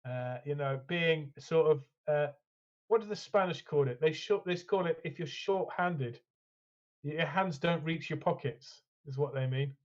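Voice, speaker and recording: A man with a fairly high voice co-hosts a hobby chat, rambling keenly and filling gaps with "uh" and "man". His sound is dull and lo-fi. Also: a little slow. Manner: enthusiastic, rambling, lots of fillers. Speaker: co-host.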